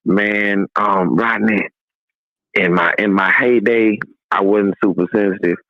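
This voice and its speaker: A man's voice: on the low side, a little slow, no echo, dull audio. A man in his fifties, a comedian calling in, trading casual comic banter and laughing often. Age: 50s. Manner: laughs often, animated storytelling. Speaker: call-in comedian guest.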